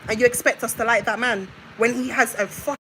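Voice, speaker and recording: A woman's voice: on the high side, steady tone, quick pace, pushed and bright, slight background noise, poor audio. A young woman on a live stream, ranting in a confrontational way and hammering her points home with repetition. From United Kingdom. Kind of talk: heated live-stream rant.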